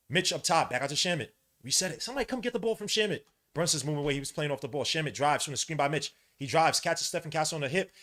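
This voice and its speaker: A New man talks through a basketball game live for his podcast, all slang and quick reactions. His voice is bright and sharp, and his pitch swings widely from low mutters to high yells. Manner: excitable, slangy, shouts at big plays. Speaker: podcast host. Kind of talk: live game watch-along commentary.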